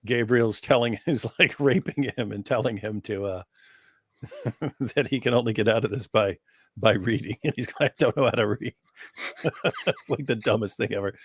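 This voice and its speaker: Rambling male co-host who keeps laughing, middle pitch, dry close recording. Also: no room sound. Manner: rambling, breaks into laughter often while talking. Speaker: livestream co-host. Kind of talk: casual live chat.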